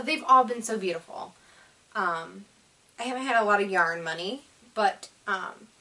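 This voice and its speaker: The host of a laid-back knitting vlog rambles with frequent fillers, sounding both enthusiastic and sleepy as she yawns. Her voice is medium-pitched and fairly bright, captured from a distance.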